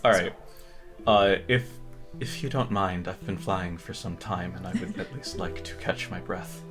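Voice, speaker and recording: A man's voice: low voice, unhurried, a bit bright, soft background music. A man playing in a tabletop game, earnest and careful, apologizing for a rules mix-up. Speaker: player. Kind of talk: casual tabletop play, polite in-character speech.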